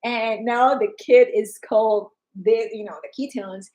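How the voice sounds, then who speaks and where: A woman from Colombia with a Colombian Spanish accent, chatting casually and excitedly about a wellness product, acting out customers' lines. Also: fairly high pitch, unhurried, highs cut off. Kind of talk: casual livestream chat.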